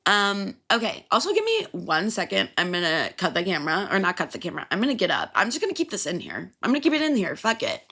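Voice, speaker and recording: A woman's voice: medium pitch, sing-song, fast talker, hardly any pauses, bright, forceful tone, breathy edge. A young woman hosting her own podcast, rambling casually and swearing often, laughing at her own stories about working as a server. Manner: rambling, profane, self-amused, laughs often. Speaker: podcast host. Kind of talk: casual solo podcast chat.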